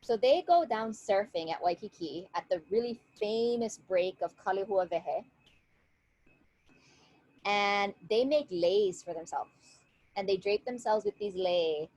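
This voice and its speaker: Over a video call, a guest storyteller retells a legend in a lively, casual way, often checking in with listeners by asking "right?" Her mid-range voice is unhurried. The recording is low quality but has no echo.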